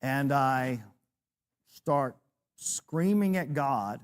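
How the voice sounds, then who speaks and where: A man's voice: medium pitch, measured pace, pauses often. A man in his sixties, a preacher, teaching a church class, telling a personal story with self-deprecating humor.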